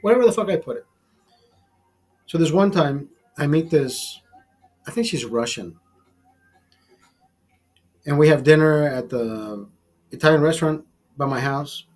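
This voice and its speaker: Slightly high and a little mellow, this man's voice carries a crude, bitter tale on his livestream. The storytelling rant is thick with swearing.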